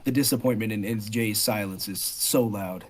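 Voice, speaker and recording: A man's voice: lowish voice, normal speed. A man running a tabletop game as dungeon master, narrating loosely with laughter and swearing, and putting on character voices. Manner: loose, swearing, laughs often, slips into a rough drunk voice.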